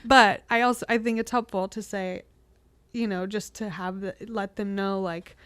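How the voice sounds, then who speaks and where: A woman co-hosting a podcast, talking candidly and reflectively with frequent restarts and soft laughs. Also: medium pitch, steady tone, moderate pace, clean tone, dry recording. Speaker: podcast co-host. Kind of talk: candid conversational podcast chat.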